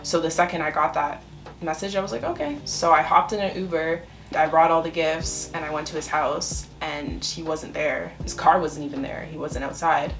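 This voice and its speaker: A young woman in her twenties with a low, deep-set voice tells a personal story to the camera. She talks in a candid, blunt way, swears freely and breaks into laughs often. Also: steady tone, moderate pace, a bit bright, faint music behind. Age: 20s. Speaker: vlogger telling a story. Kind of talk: casual storytime chat.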